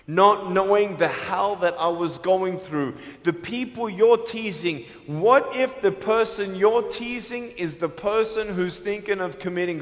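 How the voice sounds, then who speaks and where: A man with an Australian accent giving a live motivational speech, telling his story emphatically and swinging between loud and hushed. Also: high-pitched. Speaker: motivational speaker. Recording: long hall reverb.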